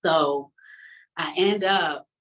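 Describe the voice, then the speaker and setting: A woman with a low voice tells her personal testimony, candid and emotional, with plenty of casual fillers. She sits a fair way back from the microphone, so the sound is distant. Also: very slow, a bit bright. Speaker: person giving a church testimony.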